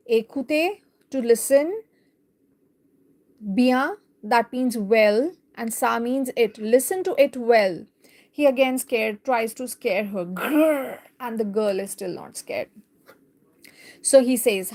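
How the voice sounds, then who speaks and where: A woman teaching a live beginner French lesson, reading a picture book aloud and explaining each line slowly and carefully. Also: on the high side, darkish tone.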